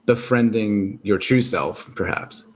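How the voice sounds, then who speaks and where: Speaking slowly in a fairly low voice, with slight background noise, a podcast host thoughtfully reflects on his interview guest's words and summarizes them in a conversational exchange.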